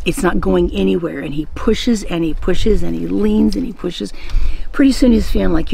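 A woman hosting a devotional podcast, telling a faith story in a gentle, conversational way. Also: mid-range voice, normal speed, gravelly, a little hiss or hum. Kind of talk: devotional Bible teaching.

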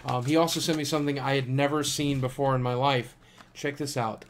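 A man's voice: medium pitch, fairly even intonation. Tired man reading fan mail aloud. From United States. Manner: warm, thankful, chatty with filler pauses. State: tired, coming down with a cold. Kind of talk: casual vlog chat.

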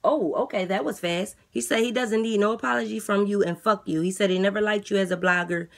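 A woman playing a weary jail guard who relays messages in a flat, matter-of-fact way. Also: medium pitch, fairly quick, lightly acted. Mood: scolding. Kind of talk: comedy skit character voice.

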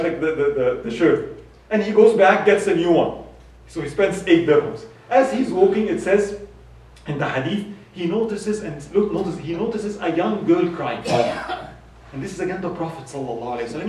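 A man giving a sermon, telling a story with lively acted quotes. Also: a little high, a little hiss or hum. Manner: animated storyteller, voices quoted speech, laughs. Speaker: khutbah speaker. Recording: echoey hall from far off.

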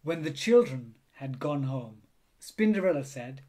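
Unhurried and expressive, a man with a mid-range voice reads aloud from a children's picture book in a storytelling style.

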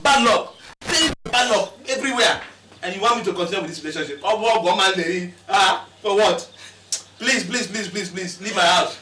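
A man's voice: high voice, pushed and bright, roomy sound, distant mic, slight background noise. A man with a Nigerian accent playing a frustrated, mocking boyfriend who blames his partner for his bad luck. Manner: scornful, mocking, pleading sarcastically. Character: bitter, frustrated man blaming his girlfriend. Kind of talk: Nollywood film acting.

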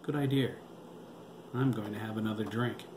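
A man voicing a wry, cultured man who drinks cognac and frets quietly. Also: fairly low pitch, fairly even intonation, normal speed, natural voice. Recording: roomy with background noise.

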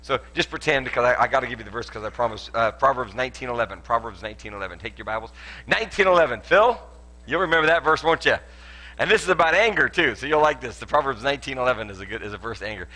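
A man preaching a sermon at a church service, animated and joking as he tells stories. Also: medium pitch, fast. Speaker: pastor.

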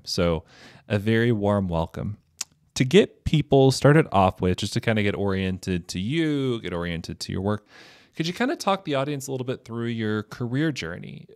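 A man's voice: on the low side, lively intonation, moderate pace, no room sound, clean studio sound. A man hosting a video podcast interview in a casual, jokey manner. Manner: jokey, playful, punning. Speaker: podcast host.

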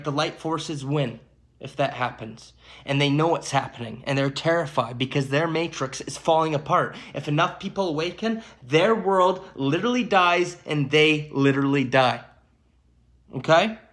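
A man's voice: on the high side, fairly bright tone. A man giving an emphatic, preachy spiritual monologue to his viewers, often checking in with "okay" and "my friends". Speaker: channel host.

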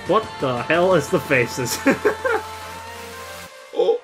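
A man's voice: a little high, animated, extremely slow, music in the background. A man hosting a casual video reaction, chatty and openly emotional, who exclaims and swears often. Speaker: reaction channel host.

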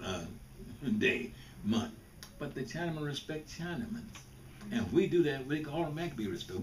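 Blunt older man, lively pitch. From Mississippi. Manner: blunt, folksy, restarts and repeats words. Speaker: guest speaker. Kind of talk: informal talk to students. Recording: distant mic with faint background noise.

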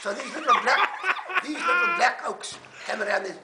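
A South African man in his sixties, a rugby supporter telling stories in a loud, booming, excitable way. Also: fairly quick, echoey room, noisy background. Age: 60s. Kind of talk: animated storytelling.

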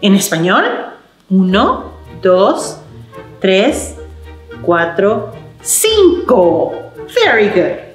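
Woman, children's librarian; very slow, lively sing-song storytime delivery, roomy echo. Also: mid-range voice, soft background music. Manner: slow, sing-song and encouraging, switching between English and Spanish words. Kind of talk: baby storytime with songs and rhymes.

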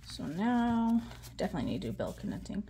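A woman talking casually to viewers while she counts money out loud, chatty and with frequent ums. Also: medium pitch, very animated, a little fast, noisy background. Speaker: budgeting vlogger.

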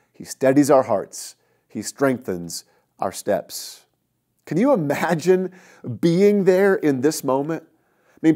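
Earnest male pastor preaching, warm tone. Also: mid-range voice. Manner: conversational, earnest, with big swings in loudness. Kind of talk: sermon.

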